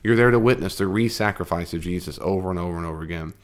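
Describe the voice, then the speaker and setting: A man teaching a Bible class in a conversational, animated way, with fillers and restarts. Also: low voice, very fast.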